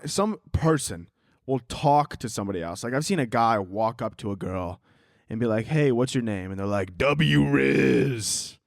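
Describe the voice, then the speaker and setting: A man's voice: medium pitch, no echo, clean studio sound. A man hosting a solo podcast, ranting casually with sarcasm and profanity and laughing at his own jokes. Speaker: podcast host.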